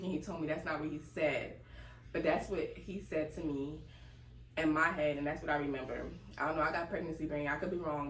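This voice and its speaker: A young woman telling a casual, animated story and laughing as she goes. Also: sits low. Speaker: vlogger. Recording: echoey room, distant mic, faint noise.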